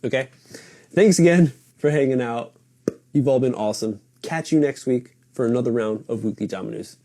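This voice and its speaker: A man's voice: medium pitch, normal speed, dark tone. A man hosting a weekly hobby podcast, chatting loosely and rambling, swearing casually as he talks. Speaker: podcast host. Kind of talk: casual live-stream chat. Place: home in Japan.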